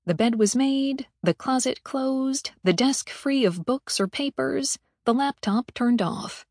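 A woman narrating a story in a steady, measured read. Her voice sits fairly high for a woman, and the recording is dry and close, with no room sound. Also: dry recording. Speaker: audiobook narrator. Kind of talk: scripted audiobook narration.

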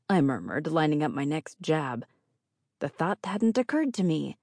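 Low-voiced woman with wry, lively narration. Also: moderate pace, no room sound. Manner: wry, dry delivery. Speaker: audiobook narrator. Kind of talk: first-person fiction narration.

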